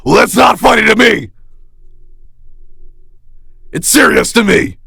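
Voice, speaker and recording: A man voicing a whiny, demanding male fan in a cartoon, who talks in a bratty, pleading and shouty way. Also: fairly high pitch, animated, normal speed, creaky, husky, no room sound, full character voice. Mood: offended. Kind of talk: cartoon voice acting.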